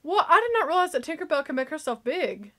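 A woman giving excitable, gushing casual commentary while reacting to a movie. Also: high-pitched, fast.

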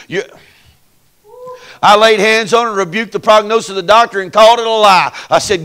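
Man preaching with a bright high voice. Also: normal speed, pauses often. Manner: storytelling, building to loud preaching. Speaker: pastor. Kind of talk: sermon. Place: church sanctuary.

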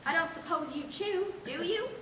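A bold, fibbing orphan girl, played by a young actress pipes up high in a rough country way. The sound is roomy and distant, with steady noise behind it, as if the play was taped from the back of a hall. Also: moderate pace. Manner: pushy, rural talk. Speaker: actor in a school play. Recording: roomy stage sound from far off, noisy.

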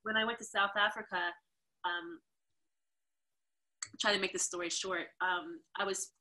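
A woman from New York, a dancer guesting on a podcast, telling a story in a casual, animated way. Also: mid-range voice, measured pace. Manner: animated, acts out the people in her stories.

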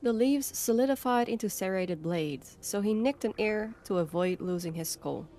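A woman narrating a fantasy short story in a measured, expressive storytelling manner. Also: medium pitch, a little hiss or hum. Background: faint background music.

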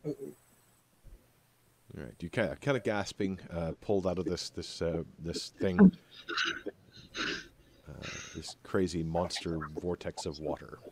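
A man running a tabletop game as game master, narrating in a relaxed way with many filler uhs. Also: low-pitched, measured pace, pauses often.

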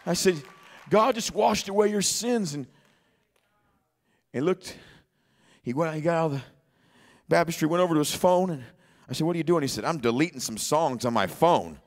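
A man preaching a sermon in church, telling a story quietly, then rising to shouts. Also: a little high, expressive, moderate pace, long pauses, a faint crowd. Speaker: pastor. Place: church sanctuary.

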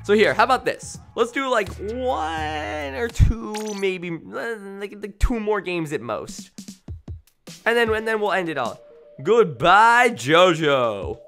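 Brief: male gamer streamer, bright animated voice, rambling late-night commentary, faint game music behind. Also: sits high, moderate pace. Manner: excitable, rambling, bursts into shouting. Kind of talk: live gameplay commentary.

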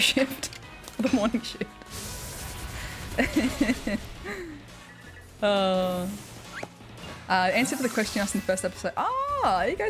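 This streamer is a young woman with an Australian accent and a medium-pitched voice. She laughs a lot while chatting and sharing stories during her gaming stream.

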